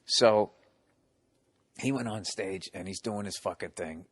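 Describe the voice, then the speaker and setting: A man in his forties from the United States, a stand-up comedian telling stories on a podcast in a profane, animated way. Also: lowish voice, unhurried, slightly rough. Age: 40s. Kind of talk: casual podcast storytelling.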